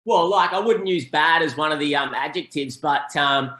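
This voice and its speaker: Chatty Australian man, bright voice. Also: fairly high pitch, moderate pace, reverberant. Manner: laid-back, chatty, says mate a lot. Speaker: podcast guest. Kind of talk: casual chat.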